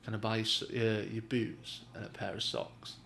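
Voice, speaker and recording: A man's voice: fairly low pitch, little pitch movement, moderate pace, creaky, a bit bright. Young manchester bloke yapping about his life, loads of "like", bit of room hum behind. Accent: Mancunian. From England. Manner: chatty storytelling, swears, many "like" fillers. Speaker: professional boxer guest. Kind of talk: casual chat.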